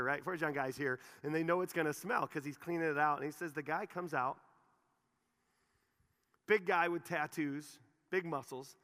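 A man preaching a sermon, telling a story with animated, repetitive phrasing in a church hall. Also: mid-range voice, a little fast. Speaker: pastor.

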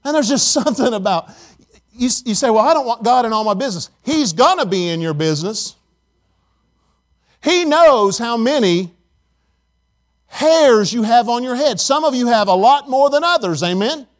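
A man's voice: extremely high pitch, animated, unhurried, pauses often. A middle-aged male pastor preaching a sermon emphatically, calling on the congregation for responses.

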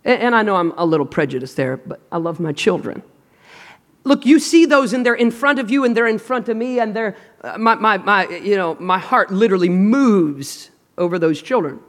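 A male pastor preaching a sermon in a large auditorium. He speaks emphatically and swings between loud, dramatic lines and hushed ones, and calls on the congregation to respond. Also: sits high, lively intonation, moderate pace. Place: large auditorium with long reverb. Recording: long hall reverb.

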